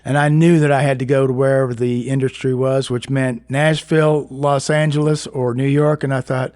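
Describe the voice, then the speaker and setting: A man's voice: medium pitch, level tone, normal speed, darkish tone. A man from Lexington, Kentucky, a guest musician, chatting about his career and laughing often. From Lexington, Kentucky, USA. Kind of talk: casual interview.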